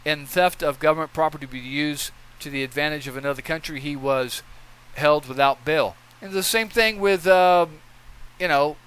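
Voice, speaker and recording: A man's voice: fairly high pitch, fairly bright tone, clean tone, low-quality recording. A man giving opinion commentary in a blunt, profane rant, lecturing and repeating his points.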